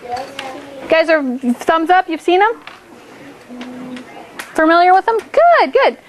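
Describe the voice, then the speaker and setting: A woman teaches a class in an upbeat, encouraging way, with a high, bright-pitched voice. She talks the children through each step and keeps checking in with "okay?". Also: very animated, slow pace, slight background noise. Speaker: elementary school teacher.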